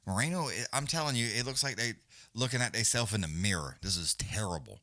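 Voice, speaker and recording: A man's voice: fairly low pitch, animated, fairly quick, bright, forceful tone, no echo. A man giving loose, profane, casual live fight commentary as a companion-stream host. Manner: profane, blunt, loose, Southern-leaning slang.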